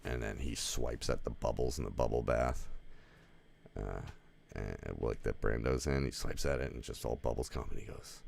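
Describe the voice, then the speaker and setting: A man reviews a movie from home in an off-the-cuff, meandering way, with frequent swearing and "like" fillers. His voice sits extremely low and has a rough, fry-laden texture. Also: moderate pace, a little mellow, a little hiss or hum. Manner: rambling, profane, heavy use of "like". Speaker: film reviewer. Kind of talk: casual spoken movie review. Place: home, with a dog nearby.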